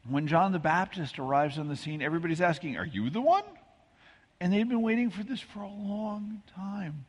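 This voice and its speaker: A man's voice: sits high, fairly quick. A man from the American Midwest giving a sermon as pastor, telling stories in a casual, self-deprecating way with frequent asides. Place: church sanctuary. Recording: husky voice with long church reverb.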